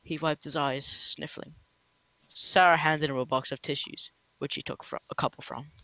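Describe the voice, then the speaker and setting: Male host, casual read-aloud, bright voice, dry close mic. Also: a little high, little pitch movement, moderate pace, no room sound. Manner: profane, playful narration with self-corrections. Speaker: host reading a fan story aloud.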